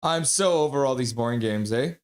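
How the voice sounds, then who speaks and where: A man's voice: medium pitch, expressive, fairly quick. A middle-aged man hosting a hockey livestream, chatting casually and greeting viewers by name. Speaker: livestream host reading chat. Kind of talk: casual hockey pregame stream chat.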